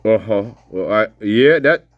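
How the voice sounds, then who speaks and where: A man's voice: fairly low pitch, expressive, measured pace, muffled recording. A man commentating on a live stream in casual chat, laughing often and swearing as he reacts to video clips.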